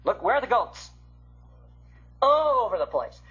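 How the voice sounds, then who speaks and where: An older man from the Midwest giving an illustrated Bible lecture, with a husky voice that swings from loud to hushed. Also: high voice, very animated, measured pace, faint music behind. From American Midwest. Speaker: Bible teacher. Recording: muffled lo-fi recording.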